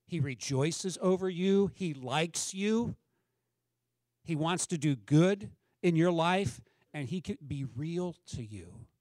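A man's voice: on the high side, expressive, slow pace, darkish tone, no room sound. A middle-aged man preaching a sermon as a pastor, talking in a conversational way and asking the congregation questions.

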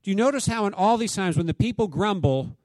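An American church teacher leads a relaxed, conversational Bible study, quizzing his listeners and acting out the quotes he reads. His voice is high-pitched, expressive and a little mellow, and he talks fast. There's no room sound.

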